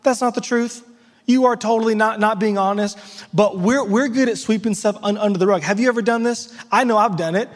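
A man preaching a sermon as pastor, speaking emphatically and mixing in lively everyday asides. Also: high voice, a little fast, long reverb tail.

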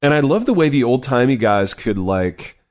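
A man's voice: mid-range voice, sing-song, normal speed, a little mellow. A man co-hosting a sports podcast in casual chat, loose and rambling with lots of filler words.

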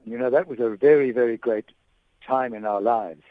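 An older man from South Africa, a veteran sports broadcaster, reminiscing as a radio guest, halting and repeating words as he goes. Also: mid-range voice, dry recording. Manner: hesitant, many repeated words and restarts. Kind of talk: phone-in reminiscence. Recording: tinny phone line on radio.

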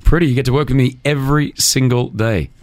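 A man hosting a radio show in a studio, loud, teasing and jokey in banter with co-hosts and callers. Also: mid-range voice, fairly quick, no echo. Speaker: radio host. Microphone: studio microphone.

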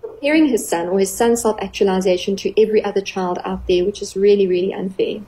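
A middle-aged woman, a clinical psychologist, explaining earnestly on a radio talk show, with gentle playful examples. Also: medium pitch, fast talker, rough recording.

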